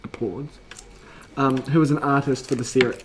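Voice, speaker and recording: A restless, joking man bantering on a casual podcast and reading notes aloud in a mid-pitched voice. He repeats words and trips over sentences, sometimes mumbling quietly before reading louder, with a faint hiss behind him. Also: steady tone, moderate pace. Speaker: podcast co-host.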